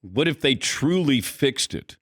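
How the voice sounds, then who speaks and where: Middle-aged male sports talk host, animated storyteller with a wide-ranging voice; close, dry studio sound. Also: medium pitch, measured pace, dry recording. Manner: animated storyteller, acts out quotes, laughs mid-sentence. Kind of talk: casual studio chat. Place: radio studio.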